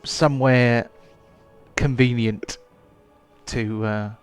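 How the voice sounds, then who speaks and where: A man's voice: medium pitch, steady tone, slow pace, clean tone, faint music behind. A man running a tabletop game as game master, hesitant, with many ums and restarts.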